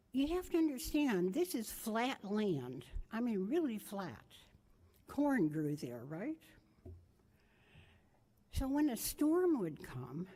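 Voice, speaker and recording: In a warm, medium-pitched voice, an older woman offers a memorial tribute built on family stories. She drifts from anecdote to anecdote, correcting herself as she speaks.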